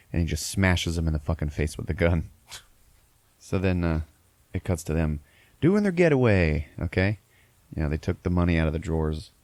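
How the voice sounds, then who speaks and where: Low gravelly man rambling through a movie recap. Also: a little mellow, dry recording. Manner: rambling, profane, laughing storyteller. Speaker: podcast host.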